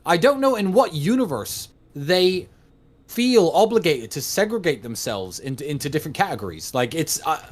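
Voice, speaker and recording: Male guest, 30s, slightly higher voice, blunt and profane, casual chat. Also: sing-song, normal speed. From United States. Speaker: livestream guest. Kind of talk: casual conversation.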